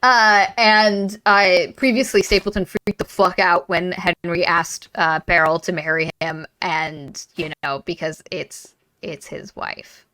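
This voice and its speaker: A woman hosting a casual book club podcast, retelling a novel with profanity and quick put-on character voices. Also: on the low side, low-quality recording. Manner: animated, profane, acts out characters in silly voices.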